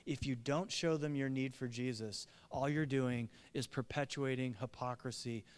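Midwestern male pastor, confessional storyteller, resonant tone, church reverb. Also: medium pitch. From American Midwest. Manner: earnest, confessional, animated storytelling. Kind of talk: sermon.

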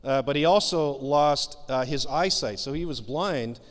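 A Canadian pastor delivers a sermon from the pulpit in a voice that sits a little high for a man. He speaks earnestly and conversationally, with frequent filler pauses, and a long reverb suggests a church sanctuary.

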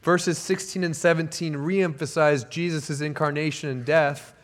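A man's voice: a little high, fairly even intonation, moderate pace. A man preaching a sermon as pastor, earnest and emphatic, often repeating key phrases for weight.

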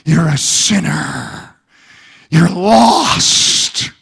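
A male preacher voicing Satan as a sinister, accusing devil in a hushed, raspy whisper. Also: on the high side, animated, very slow, voice pushed down, heavily acted.

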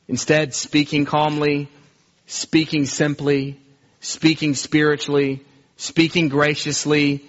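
A man delivers a sermon in a somewhat high voice, earnest and unhurried, slowing down to lean on key phrases. The sound is a little dull and lo-fi. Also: fairly bright tone. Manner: earnest, acts out everyday scenes, slows for emphasis. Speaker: preacher.

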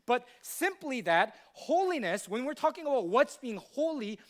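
Animated high-voiced male preacher. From United States. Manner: questioning, teacherly, checks in with the congregation. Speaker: pastor. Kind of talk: sermon.

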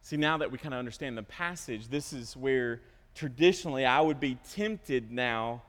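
A male pastor preaching a sermon, with animated storytelling, self-interruptions and joking asides. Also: medium pitch, normal speed. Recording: long hall reverb.

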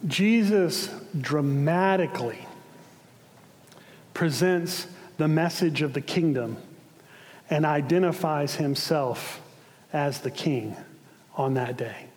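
Man preaching, high voice, slow deliberate delivery, dramatic sermon storytelling, hall reverb. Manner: building to impassioned shouts then dropping hushed. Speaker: pastor.

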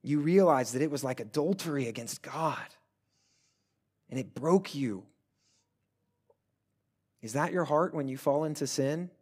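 A male pastor preaching a sermon earnestly, swelling loud at times and dropping to hushed pleas. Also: fairly high pitch, unhurried, long pauses, husky.

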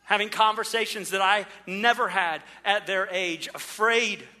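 A man preaching a sermon as pastor, earnest, slowing down to stress his words. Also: sits high, bright, forceful tone.

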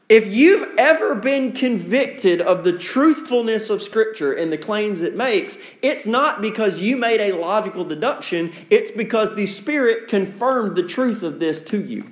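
A man's voice: high-pitched, lively intonation, a little slow, a bit bright, roomy sound. A male pastor preaching a sermon in a conversational, emphatic way, acting out quotes in different voices.

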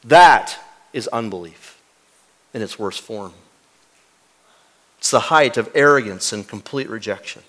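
A man preaching a sermon as pastor, dramatic, dropping from loud to hushed and asking the congregation rhetorical questions. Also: lowish voice, expressive, a little slow, pauses often.

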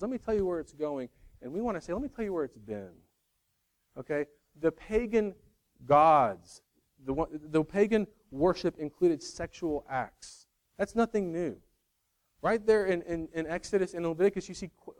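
A man's voice: a little high, darkish tone. A middle-aged man giving a sermon, conversational with self-deprecating humor and acted-out quotes. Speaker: pastor.

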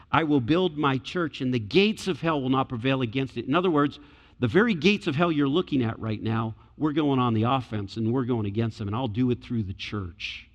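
Preaching man in a reverberant hall. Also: on the high side. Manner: emphatic preaching, rising loud in declarations. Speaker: pastor. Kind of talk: sermon.

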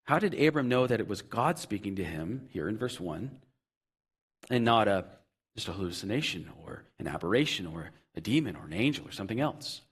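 Fairly quick and very animated, a male pastor with a breathy edge preaches an earnest sermon full of repetition. His voice surges to loud emphasis and then softens into low asides.

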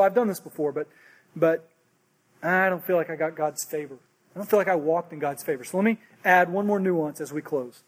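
High-voiced preacher. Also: male voice. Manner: earnest, repeats and restarts phrases. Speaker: pastor. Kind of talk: sermon.

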